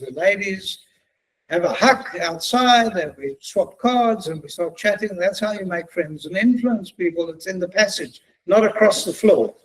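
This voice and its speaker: A man's voice: high voice, low-quality recording. A middle-aged man giving a chatty, joking talk as guest speaker, telling anecdotes. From South Africa. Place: synagogue event hall.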